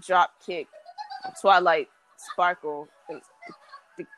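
A woman co-hosting a podcast, playful and quick to tease in casual chat. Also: fairly low pitch, steady tone, over music, poor audio. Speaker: podcast co-host.

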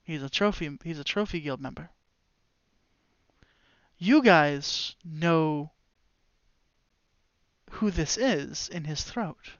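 A game master narrating a tabletop game, halting and full of restarts. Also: medium pitch, lively intonation, no room sound, highs cut off.

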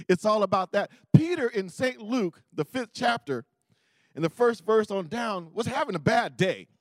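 A man preaching a sermon, telling a Bible story with lively acted-out voices. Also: high-pitched, no room sound, clean studio sound. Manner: animated storytelling, acting out voices.

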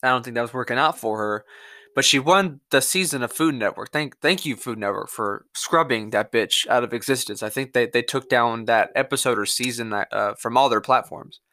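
A man's voice: mid-range voice, a little fast, pushed and bright, dry recording, clean studio sound. Angry, profane man ranting on a podcast. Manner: angry, profane, rambling monologue. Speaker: podcast host. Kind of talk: solo political podcast rant.

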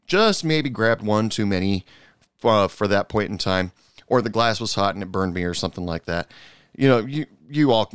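A man's voice: on the low side, clean tone, no echo, studio quality. A middle-aged man hosting a podcast and telling casual stories about bartending. He talks animatedly with frequent fillers, and his voice jumps up sharply when he gets annoyed. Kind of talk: casual storytelling monologue.

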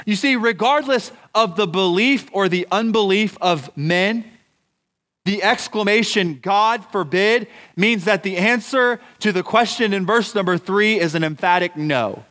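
A man preaching a sermon as pastor, deliberate and emphatic, asking his congregation rhetorical questions. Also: high voice, a bit bright. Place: church.

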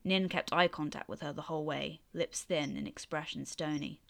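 A woman reading her own story aloud in a steady, even voice, then chatting about it. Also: low-pitched, moderate pace, vocal fry. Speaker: author and reader.

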